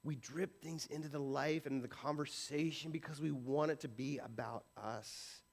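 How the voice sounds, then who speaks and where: A man's voice: a little high, fairly even intonation, normal speed. A man preaching a sermon as pastor, conversational and self-deprecating, with frequent rhetorical questions. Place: church sanctuary.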